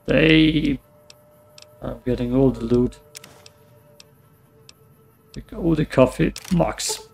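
Slow, gravelly man with a tiring voice. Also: mid-range voice, a little mellow. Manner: mutters to himself, swears often. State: voice getting hoarse. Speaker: let's play gamer. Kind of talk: casual gameplay commentary.

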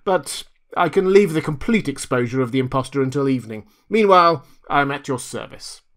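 A reader putting on a grand old professor who booms every word with lofty disdain. His voice rises louder and higher than the narration and stays forceful. It is a storybook character played with pompous weight. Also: lively intonation, brisk, natural voice. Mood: scornful. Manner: booming, haughty and scornful. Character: pompous, booming elderly male professor. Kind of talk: audiobook character reading.

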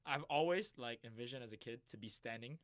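A man's voice: mid-range voice, a little fast, no room sound, studio quality. A young man telling stories in a casual podcast chat, acting out quoted voices as he goes. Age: young adult. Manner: animated storyteller, acts out quotes. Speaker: podcast guest, goalkeeper.

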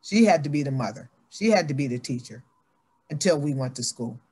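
A woman's voice: deep voice, fairly quick, breathy edge. An older woman, a guest athlete, telling her life story earnestly and acting out her family's voices. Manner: animated, acts out family members' voices in her stories.

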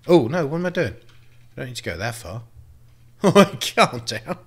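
A man's voice: mid-range voice, big pitch swings, brisk, a little mellow, husky. A man giving casual gameplay commentary, thinking aloud and swearing freely as he plays. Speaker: let's play host.

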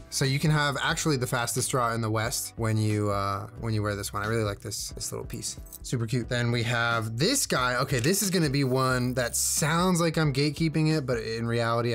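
A man's voice: mid-range voice, fairly bright tone. Young guy chatting at home on camera, rambly and jokey, bit of music underneath. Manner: rambling and self-deprecating, jokey asides. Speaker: streamer showing his jewelry. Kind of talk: casual vlog chat.

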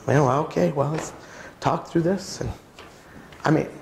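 A man's voice: on the high side, a little slow, gravelly, a little mellow, a little hiss or hum. A man in his thirties speaking as a pastor at a parenting conference, talking casually and often asking the audience questions. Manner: conversational, asks the audience questions. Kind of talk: conference talk. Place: church hall. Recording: echoey church hall.

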